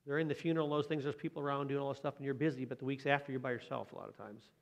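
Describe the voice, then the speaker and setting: A man's voice: mid-range voice, steady tone, rapid-fire, gravelly, highs cut off. A man preaching a sermon in a conversational way, often asking his listeners questions. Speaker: pastor.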